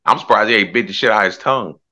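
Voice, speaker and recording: A man with a lowish, bright, forceful voice, co-hosting a casual comedy podcast. He talks bluntly and animatedly, and often slips into mocking impressions. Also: very fast. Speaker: podcast co-host.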